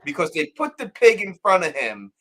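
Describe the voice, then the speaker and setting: Animated, bright-voiced male host. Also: high voice, normal speed, gravelly. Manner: animated, laughing, acts out characters. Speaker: show host. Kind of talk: casual live-stream chat.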